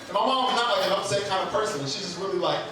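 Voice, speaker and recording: A man with a high voice tells a funny personal story at a live open mic, animated and chatty and full of comic asides. He is caught by a camera from far off in a very echoey room with a clear hum of noise behind him. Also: fast talker.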